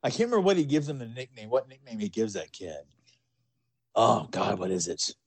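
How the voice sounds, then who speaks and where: A man's voice: fairly low pitch, very animated, brisk, no room sound. A man co-hosting a casual podcast chat, agreeable and enthusiastic, chiming in often. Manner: enthusiastic, agreeable, frequent yeahs. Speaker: podcast co-host.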